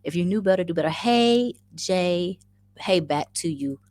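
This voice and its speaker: A woman's voice: lowish voice, a little slow, darkish tone. A woman hosting a casual livestream, effusively greeting viewers by name and chatting through the comments, often repeating her phrases. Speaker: livestream host.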